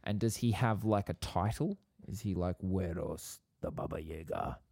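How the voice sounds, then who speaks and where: A man hosting a podcast and running a tabletop game, talking in an easygoing, drawn-out way. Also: deep voice, gravelly, a little mellow, dry recording, studio quality. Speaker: podcast host and game master. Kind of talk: casual chat.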